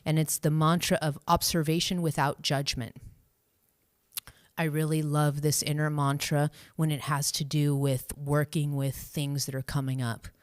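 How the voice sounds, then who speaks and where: A woman hosting a live stream as a spiritual coach, speaking gently and reassuringly, laughing often and acting out inner voices in a high cheery tone. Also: little pitch movement, unhurried, dry recording, clean studio sound. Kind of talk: live-stream guidance, answering viewer questions.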